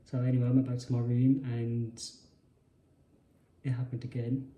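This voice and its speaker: A man recalls an old experience in an unscripted monologue. His voice is very dark and mellow, and it echoes around the room. He stops and restarts often, correcting himself as he goes. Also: mid-range voice, monotone, normal speed. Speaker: spiritual channel host. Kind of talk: personal storytelling monologue. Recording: roomy echo.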